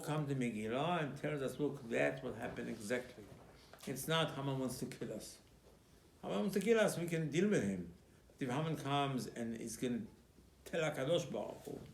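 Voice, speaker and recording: A man's voice: mid-range voice, vocal fry, a little hiss or hum. A man giving a sermon as a rabbi, telling the story emphatically and acting out exchanges between biblical figures. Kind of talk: Purim sermon. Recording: echoey room.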